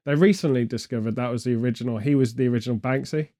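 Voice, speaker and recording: A man's voice: medium pitch, very fast, mellow. A man from the UK chatting casually, spinning meandering, absurd comic tangents with a straight face. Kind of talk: comedic rambling chat.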